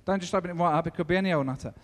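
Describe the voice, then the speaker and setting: A man doing frightened male disciples, hushed and jittery, higher voice, long echoing reverb. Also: very fast, close to an everyday voice. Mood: panicky. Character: panicked male disciples hiding behind a door.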